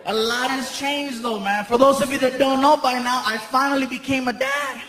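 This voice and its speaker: High-voiced man doing stand-up. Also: normal speed. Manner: animated, playful storytelling, many character voices. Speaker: stand-up comedian. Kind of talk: stand-up comedy. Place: large theater stage. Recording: echoey hall, loud crowd and noise.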